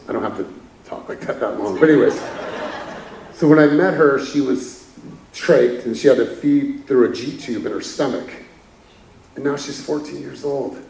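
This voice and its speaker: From a conference stage, a keynote speaker gives a candid motivational talk, chuckling as he tells stories. His mid-range voice is gravelly and darkish, picked up by a distant mic in an echoey hall.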